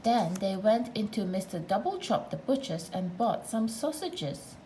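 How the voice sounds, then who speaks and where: A woman's voice: mid-range voice, lively intonation, measured pace, mellow, a little hiss or hum, poor audio. A woman narrating a children's storybook aloud, with playful asides to the listener.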